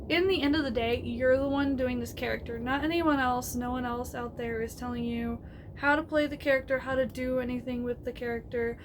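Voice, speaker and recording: A woman's voice: high voice, a little hiss or hum. A woman giving casual, rambling advice on a tabletop game, with many fillers and restarts, laughing often.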